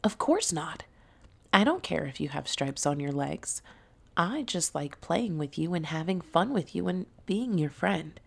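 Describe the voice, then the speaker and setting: A woman's voice: deep voice, animated, unhurried, creaky, breathy edge, exaggerated voice. A woman voicing a shy, self-conscious young male tiger in a storybook. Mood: earnest. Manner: tearful, hesitant.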